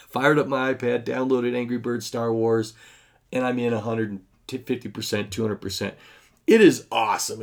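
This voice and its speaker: A man in his thirties hosting a podcast, talking in a casual, rambling way with many fillers. He sounds chatty, enthusiastic and self-deprecating. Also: fairly low pitch. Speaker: podcast host.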